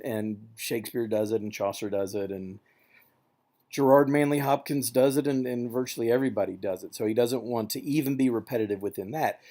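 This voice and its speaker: A man giving a recorded poetry lecture to a class, relaxed and thinking aloud with fillers, sometimes tapping out rhythms with nonsense syllables. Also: medium pitch. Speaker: literature instructor.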